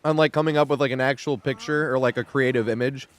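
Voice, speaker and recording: On his live gaming stream, a man chats casually, rambling and laughing a lot in a relaxed, stoned way. He swears often and talks fast, with a medium-pitched voice.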